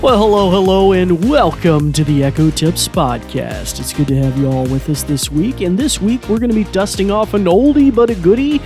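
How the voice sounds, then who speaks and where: A man's voice: high voice, lively intonation, normal speed, few pauses, darkish tone, faint music behind. A man hosting a podcast in a casual, chatty way, with many fillers. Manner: chatty, with frequent fillers and laughs. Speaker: podcast host and assistive technology instructor.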